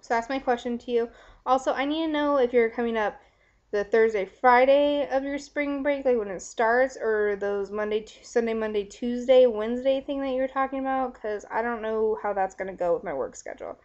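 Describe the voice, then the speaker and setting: A woman's voice: a little high, fairly quick, a little mellow. A young woman talking frankly and casually to a friend in a video letter, giggling and filling her talk with "like". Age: young adult. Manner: chatty, frank, giggly, lots of "like" fillers. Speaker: vlogger. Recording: dull lo-fi webcam audio.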